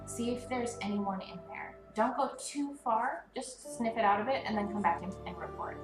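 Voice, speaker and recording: A woman's voice: mid-range voice, moderate pace. A woman playing a tabletop game, talking in a playful, affectionate way. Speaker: player. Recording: echoey room, distant mic, music.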